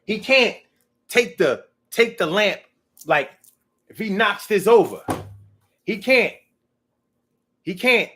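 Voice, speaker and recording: High, lively-voiced man ranting casually. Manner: animated, profane, rambling. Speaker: vlogger. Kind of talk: casual monologue.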